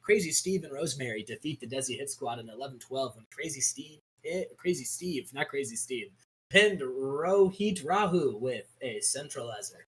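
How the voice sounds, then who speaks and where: A man's voice: mid-range voice, lively intonation, normal speed, breathy edge, poor audio. A man co-hosting a gaming commentary and recapping wrestling matches in a hype style. He often opens with "listen" and stumbles over names.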